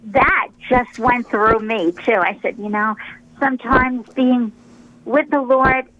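A woman, a religious sister, chats on a radio program in a fairly high voice. She tells her stories in a rambling way, with fillers and restarts. The sound is dull and muffled, as if over a phone line. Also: a little hiss or hum. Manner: rambling, warm storytelling with many pauses and fillers. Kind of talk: casual radio interview.

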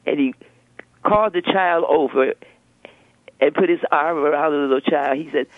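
An older woman, a religious sister, speaking in a gentle preaching and storytelling way, often repeating words as she begins a thought. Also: sits low, moderate pace, pauses often, no echo. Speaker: religious sister, interview guest. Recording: dry, phone-like narrow sound.

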